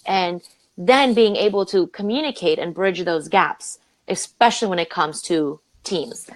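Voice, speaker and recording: Animated woman leadership coach. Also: a little slow, no echo, poor audio. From Romania. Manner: animated, acts out quoted voices with big pitch jumps. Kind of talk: conversational interview storytelling.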